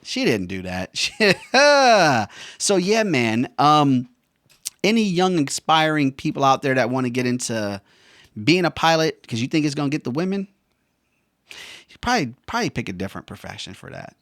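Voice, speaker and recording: A man's voice: a little high, lively intonation, normal speed, a bit bright, no room sound, studio quality. A man, a veteran and former helicopter pilot, rambling casually with slangy jokes. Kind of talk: casual monologue.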